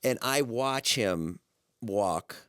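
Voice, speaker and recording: Low-voiced man telling stories. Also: very slow, clear, resonant tone, dry recording, studio quality. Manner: animated storyteller, acts out voices, swears freely. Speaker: podcast co-host. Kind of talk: casual chat, storytelling.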